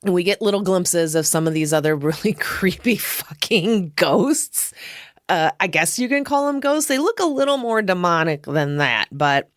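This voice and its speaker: A woman's voice: on the low side, animated, normal speed, no echo, studio quality. A woman hosting a casual film review podcast, chatty and profane, laughing often as she talks. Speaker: podcast host.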